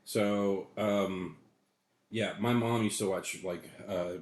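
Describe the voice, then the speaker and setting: A man's voice: on the low side, fairly even intonation, slow pace. A man in his late forties co-hosting a casual movie chat, rambling loosely and swearing often. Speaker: co-host. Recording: echoey room.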